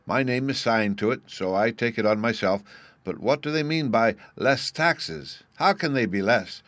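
A man voicing a mild, easygoing warden who takes things calmly. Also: medium pitch, normal speed, no room sound, pitched above the performer's own voice, lightly acted. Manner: mild and unconcerned. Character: mild, easygoing male warden, gentle ruler.

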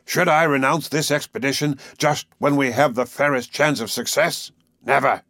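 A man voicing a stubborn, commanding older professor in an audiobook, speaking with forceful, resolute declarations. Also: medium pitch, fairly even intonation, normal speed, no room sound, clean studio sound, pitched above the performer's own voice. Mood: stern. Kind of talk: audiobook character reading.

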